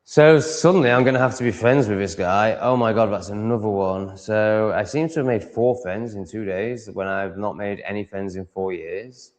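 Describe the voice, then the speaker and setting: Yorkshire man hosting a livestream, low voice, meandering self-interrupting chat, reverb tail. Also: normal speed, few pauses, darkish tone. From Yorkshire, England. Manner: rambling, self-interrupting, chatty. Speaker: livestream host. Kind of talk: casual livestream monologue.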